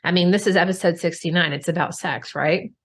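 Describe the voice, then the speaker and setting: Talking a little fast in a fairly low voice, this podcast host addresses her audience directly with frank, expressive commentary. Casual swearing runs through her candid, conversational delivery.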